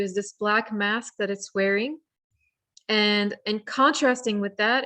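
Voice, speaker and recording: A woman leads a virtual lesson on identifying birds. She explains in a friendly, step-by-step way, pausing and restarting now and then. Her voice sits at an ordinary middle pitch. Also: fairly bright tone. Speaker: workshop presenter. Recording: virtual program audio.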